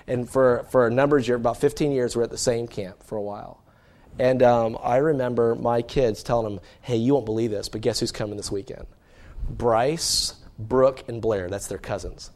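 A middle-aged man preaching a sermon as pastor, swinging from quiet, low asides to loud, animated emphasis. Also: normal speed.

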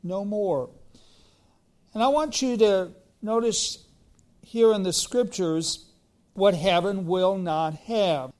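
Middle-aged man, pastor, sermon, high voice, unhurried, emphatic repetition. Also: darkish tone. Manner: slow, emphatic preaching with repeated phrases.

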